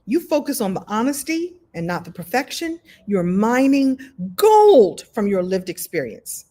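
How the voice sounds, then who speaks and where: A woman teaching a live online storytelling workshop, talking in an animated, conversational way with many repetitions. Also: on the high side, a little slow. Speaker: story coach. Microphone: video call.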